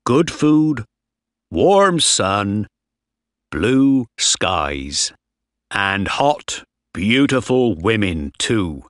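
A man voicing a cheeky, boisterous sailor in a slow, dry storybook reading. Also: lowish voice, sing-song, fairly bright tone, no room sound, heavily acted. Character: cheeky, laughing male sailor.

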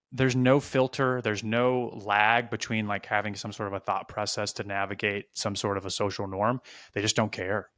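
A young adult man casually telling funny stories on a podcast, animated and profane, with frequent restarts. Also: mid-range voice. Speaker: podcast co-host. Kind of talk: casual storytelling chat.

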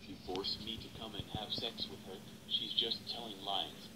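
Text-to-speech man reading a mean, crude cartoon doll; low and gruff, noisy recording. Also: fairly even intonation, moderate pace, lightly acted. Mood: snarling. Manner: snarling and crude. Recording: loud hiss and background noise.

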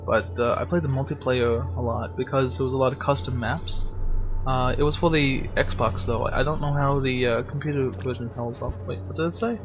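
A man's voice: mid-range voice, steady tone, moderate pace, lo-fi sound. A young man giving casual gameplay commentary as a let's player, jumpy and swearing with frightened outbursts. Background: game music.

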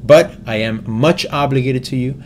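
A man voicing a kindly, fatherly old male stock trader who speaks slowly and earnestly. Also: medium pitch, a little hiss or hum, lightly acted. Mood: patient, firm.

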